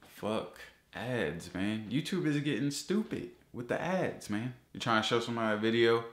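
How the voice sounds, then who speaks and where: A man vlogging, ranting about ads with heavy swearing, his voice jumping up high when he gets exasperated. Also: a little fast, reverberant. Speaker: YouTuber. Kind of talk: casual ranting vlog.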